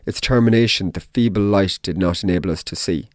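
A man narrating a dark tale in the first person, in a measured, deliberate audiobook reading. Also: sits low, no room sound, studio quality.

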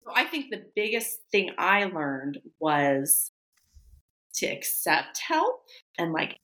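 A woman's voice: sing-song, takes it slowly, fairly bright tone. A woman talking casually as a podcast guest. She tells candid, personal stories and lifts her voice when she acts out what she was thinking at the time. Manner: candid, acts out quoted thoughts in a higher voice. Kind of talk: casual chat.

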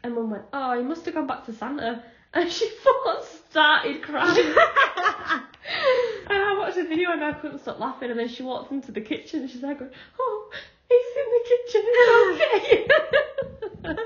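A woman's voice: high voice, lively intonation, moderate pace, fairly bright tone. A young woman co-hosting a podcast, chatting casually and acting out the dialogue in the stories she tells, with frequent laughter. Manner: chatty storyteller, acts out the dialogue in her anecdotes, laughs often. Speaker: podcast co-host. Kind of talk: casual chat. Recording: echoey room, dull lo-fi sound.

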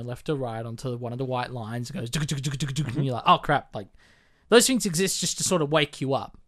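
A man in his twenties, co-hosting a podcast in casual chat, his voice half gone as he tells a story. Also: medium pitch. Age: 20s. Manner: chatty, laughs easily, tells stories. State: losing his voice. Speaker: podcast co-host.

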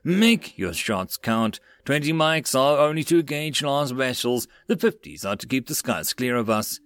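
A man voicing an executive officer yelling orders to gunners from the bridge. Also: medium pitch, animated, a little slow, no room sound, studio quality. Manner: yelling over the wind.

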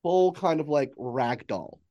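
A man's voice: on the high side, animated, takes it slowly, dark tone, lo-fi sound. A man running a tabletop game as game master, narrating loosely with many fillers.

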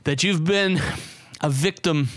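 A man's voice: on the high side, takes it slowly, fairly bright tone, no echo. A man hosting a podcast, telling a long, silly game scenario in a playful, casual way. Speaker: podcast host. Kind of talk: casual storytelling chat.

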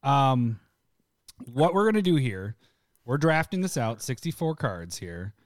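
A man hosting a podcast, casually explaining voting and a giveaway in a relaxed, rambling way. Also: mid-range voice, measured pace, no echo, clean studio sound. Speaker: podcast host.

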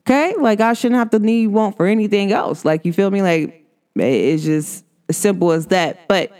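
Chatty lower-voiced woman host. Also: clear, resonant tone. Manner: animated, chatty, many "like" fillers and restarts. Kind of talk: casual talk show monologue.

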